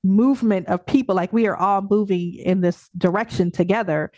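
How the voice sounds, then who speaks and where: A woman coaching client and coach speaking in a casual podcast interview, animated and laughing often as she acts out her own thoughts. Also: medium pitch, moderate pace, no echo.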